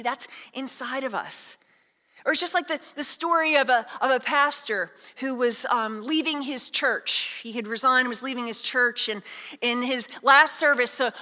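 A woman pastor preaches in a high, bright voice, talking through her sermon in a loose, conversational way full of asides and little stories. The sound rings with the long reverb of a big church hall. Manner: conversational, lively storytelling with many asides.

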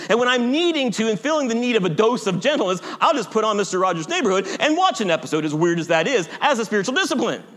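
A man preaching a sermon as pastor, earnest and reflective, sometimes dropping to a hushed near-whisper. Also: sits high, long reverb tail.

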